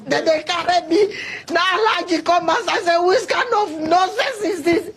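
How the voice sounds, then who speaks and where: A woman with a Nigerian Pidgin accent recounting an ordeal, her voice breaking into cries and shouts. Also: very high-pitched, moderate pace, hardly any pauses, crowd noise. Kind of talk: emotional storytelling in Pidgin.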